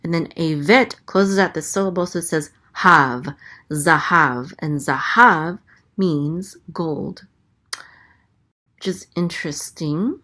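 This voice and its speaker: A woman teaching a language lesson, sounding out letters and vowels slowly and carefully, with frequent hesitations. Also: deep voice, pushed and bright. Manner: hesitant, many ums, slow careful sounding-out. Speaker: Hebrew teacher. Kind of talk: casual teaching, spelling out letters.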